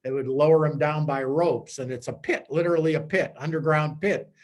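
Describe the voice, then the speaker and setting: Priest teaching, lively and conversational. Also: male voice, on the high side, brisk. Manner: conversational, animated storytelling. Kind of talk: teaching talk to a small group.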